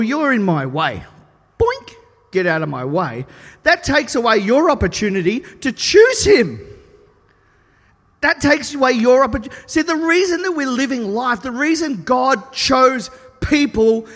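A man preaching a sermon, telling stories in an animated, self-deprecating way. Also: sits high. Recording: long reverb of a large hall.

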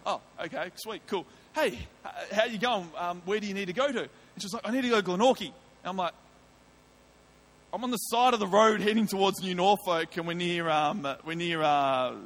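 A man with an Australian accent preaching a sermon, telling a personal testimony in a lively way and acting out his own thoughts and lines. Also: a little high.

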